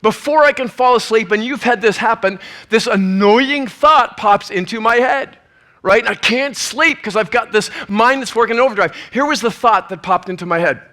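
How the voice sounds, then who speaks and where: Bright-voiced preacher telling a story. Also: male voice, high-pitched, fast. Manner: lively storyteller who acts out the scenes. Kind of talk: sermon storytelling.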